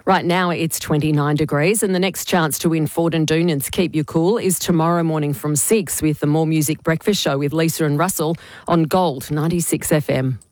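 A woman reads a radio weather bulletin in a crisp, measured way. Her voice is low for a woman. The studio sound is close and dry. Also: steady tone, a little mellow, no echo. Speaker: radio newsreader. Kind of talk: read news and weather bulletin.

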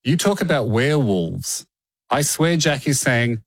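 Animated, laughing male podcast host. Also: medium pitch, unhurried, no echo, studio quality. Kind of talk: casual podcast chat.

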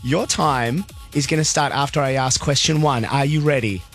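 A man, hosting a breakfast radio quiz in quick, enthusiastic patter. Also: medium pitch, fairly bright tone, faint music behind. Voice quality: croaky voice. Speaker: radio host.

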